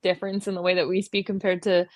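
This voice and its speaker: A young woman from Canada, co-hosting a podcast in casual chat, talkative and quick to exclaim and laugh. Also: on the low side, level tone, no echo. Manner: chatty, exclamatory, laughs often. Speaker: podcast co-host.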